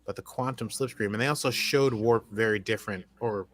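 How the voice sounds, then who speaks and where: A man's voice: lowish voice, a little fast, fairly bright tone. An American man co-hosting a podcast, chatting casually and rambling through an episode recap with lots of fillers and restarts. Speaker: podcast co-host.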